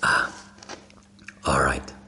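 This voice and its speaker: A man preaching a sermon, telling the story with animated emphasis and rhetorical questions. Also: drawn-out words, background noise. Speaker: pastor. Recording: echoey hall.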